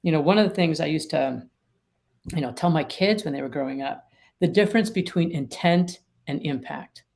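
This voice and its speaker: In an interview conversation, a middle-aged woman who is an attorney mediator and author explains her ideas emphatically through vivid everyday examples. Her voice is deep and darkish, with vocal fry and a moderate pace.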